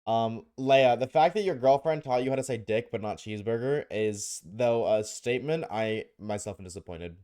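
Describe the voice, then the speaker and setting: A man's voice: mid-range voice, normal speed, few pauses, dark tone, smooth. A man streaming live, chatting casually and joking with his viewers, often laughing.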